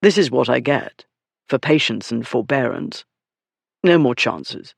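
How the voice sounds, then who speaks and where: A narrator voicing a duke who speaks mildly and offhandedly, with quiet menace, in an audiobook. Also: male voice, medium pitch, expressive, a little slow, vocal fry, breathy edge, no room sound, full character voice. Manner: mild, offhand, amiable tone. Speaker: story character.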